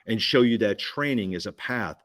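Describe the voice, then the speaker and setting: A man's voice: on the low side, expressive, moderate pace, fairly bright tone. Guy hammering his points home at a roundtable, repeats stuff, keeps asking you questions. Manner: punchy, repeats key phrases, asks listener questions. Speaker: guest speaker. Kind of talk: energetic pitch at a business roundtable.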